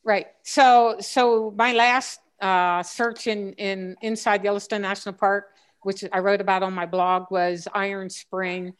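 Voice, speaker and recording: A woman's voice: mid-range voice, level tone, unhurried, clean tone. A woman guest on a casual group chat, talking in long rambling stretches with frequent restarts and fillers. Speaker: guest treasure hunter.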